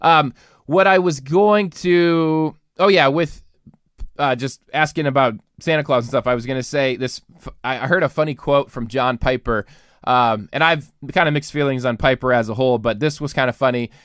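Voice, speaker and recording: A man's voice: mid-range voice, normal speed, a bit bright, clean tone, no room sound, clean studio sound. A congested man, a pastor co-hosting a podcast, talking earnestly in casual chat with many restarts.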